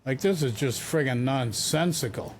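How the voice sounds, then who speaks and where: A man's voice: medium pitch, normal speed, a little hiss or hum. A man hosting a political commentary show, talking casually and sounding exasperated, often repeating his points.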